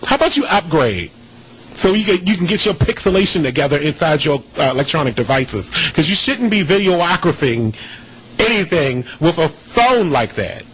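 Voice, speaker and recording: A man hosting a casual radio talk show, ranting and gossiping in an animated, indignant way. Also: on the high side, normal speed, husky, poor audio.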